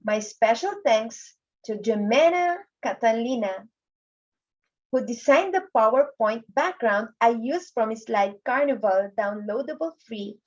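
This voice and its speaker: Woman, grade one teacher, slow and patient, slightly high voice, muffled lo-fi sound. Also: animated, darkish tone. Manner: patient, drawn-out, addresses kids often. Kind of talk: slow classroom lesson for children. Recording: dull lo-fi recording.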